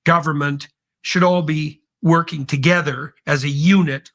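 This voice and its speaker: A man's voice: a little high, fairly even intonation, measured pace, a bit bright. A man hosting an interview, agreeing often and then lecturing at length. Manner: frequent yeahs, lecturing. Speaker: podcast host. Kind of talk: interview conversation.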